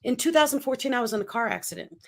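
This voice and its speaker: A woman in her fifties, a speaking coach giving an energetic, emphatic motivational interview and acting out quotes. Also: a little high, racing, creaky. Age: 50s.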